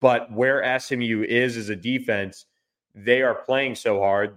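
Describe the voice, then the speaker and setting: A man's voice: lowish voice, a bit bright. Man thinking aloud about football. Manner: thinks aloud, with frequent restarts and fillers. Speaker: sports reporter and podcast guest. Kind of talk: casual unscripted sports analysis.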